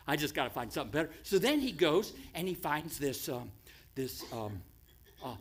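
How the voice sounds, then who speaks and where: A man preaching in a church, telling a story with dramatic swings between loud cries and hushed lines, with an American accent. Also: fairly high pitch, animated, normal speed, breathy edge. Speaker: pastor. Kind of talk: sermon storytelling. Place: church sanctuary.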